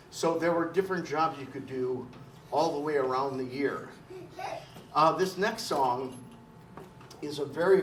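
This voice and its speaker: A man's voice: a little high, a little hiss or hum. Folksy man telling stories in a roomy hall. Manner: folksy, colloquial storytelling. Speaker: folk singer and storyteller. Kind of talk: live folk music program with storytelling. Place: live performance space with audience. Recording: roomy live recording, mic at a distance. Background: banjo and dulcimer playing.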